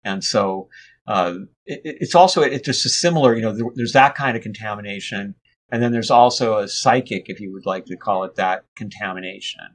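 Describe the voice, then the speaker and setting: A man as an interview guest, telling a story in a relaxed, rambling way with frequent restarts and fillers. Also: on the low side, brisk. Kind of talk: conversational storytelling.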